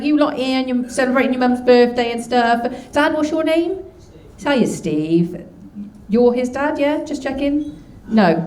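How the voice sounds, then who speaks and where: A woman doing stand-up crowd work, cheeky and teasing as she chats with the audience. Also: sits high. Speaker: stand-up comedian. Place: comedy club stage. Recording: echoey live club with crowd.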